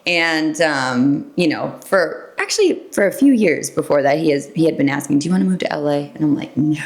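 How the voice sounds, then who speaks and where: A woman's voice: low-pitched, animated, a little fast. A woman in her thirties, a podcast guest, telling a personal story in a casual, chatty way with lots of fillers and acted-out quotes. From San Diego. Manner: chatty, many fillers, acts out quoted exchanges.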